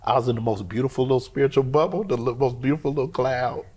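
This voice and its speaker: A man, a pastor and guest, telling a personal testimony in an interview, colloquial and expressive, acting out what he said to himself. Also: mid-range voice, quick pace, husky. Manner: expressive, colloquial storyteller who acts out his own inner voice.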